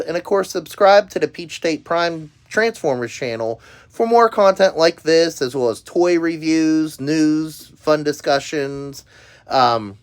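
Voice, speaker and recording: Rambling man reviewing shirts, many ums. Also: on the high side. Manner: rambling, filler-heavy with frequent um and uh. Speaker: YouTube host reviewing merchandise. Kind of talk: casual product review.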